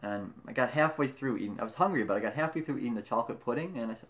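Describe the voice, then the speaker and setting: A young man casually telling a story about himself, rambling and often breaking off mid-sentence, with animated retelling. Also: medium pitch, racing. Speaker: vlogger telling a personal story. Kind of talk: casual first-person storytelling.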